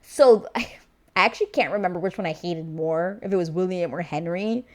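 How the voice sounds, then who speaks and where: A woman's voice: fairly low pitch, a little fast. A woman giving a chatty, unscripted review of a reality show, full of fillers and restarts. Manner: animated, chatty, lots of fillers. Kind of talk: casual vlog review.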